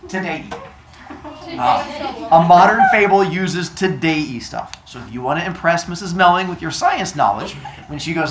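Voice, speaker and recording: A man's voice: fairly high pitch, moderate pace. A man teaching a class, telling a joke-filled story and teasing his students. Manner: joking, animated, teasing students. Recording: echoey classroom with student chatter.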